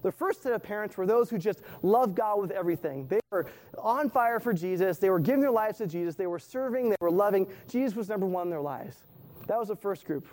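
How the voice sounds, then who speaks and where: A man's voice: high voice, lively intonation, fairly quick, darkish tone. A man preaching to his church in a conversational sermon, repeating phrases for emphasis. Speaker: pastor.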